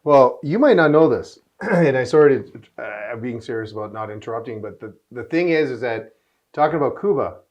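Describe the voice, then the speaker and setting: A middle-aged man with a mid-pitched voice hosts an interview show. He chats casually and tells rambling anecdotes with excitement. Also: brisk, muffled recording.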